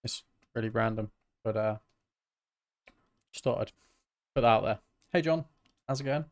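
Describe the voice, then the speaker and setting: Talking easily with the people watching his livestream, this British man, a music producer, is laid-back and self-deprecating. He speaks at medium pitch and normal speed, with studio-quality sound and no echo.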